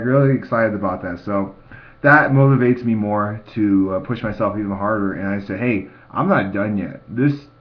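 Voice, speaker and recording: A man's voice: fairly low pitch, dull audio. A young man talking casually in a video diary, rambling and restarting his sentences. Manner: rambling, repeats words and restarts. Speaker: fitness vlogger. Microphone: computer mic.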